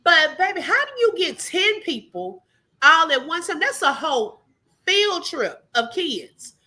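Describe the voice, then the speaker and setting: A woman's voice: very high-pitched, a little slow. A woman hosting a live stream, reacting in casual commentary. She talks animatedly and laughs often. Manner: animated, laughs often, calls viewers "baby" and "girl". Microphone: live-stream mic.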